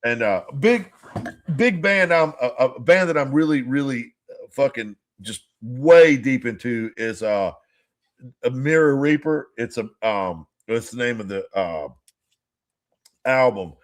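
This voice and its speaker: A man's voice: mid-range voice, animated. Rambling, swearing podcast co-host man. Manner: rambling, halting, swears freely. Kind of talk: casual chat.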